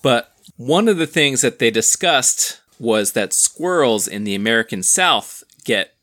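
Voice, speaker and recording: A man chats on a podcast, telling a long, rambling story with amused asides. His voice is bright and forward, and his pitch sits in a middle range. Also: expressive, unhurried. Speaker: podcast co-host. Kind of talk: casual chat.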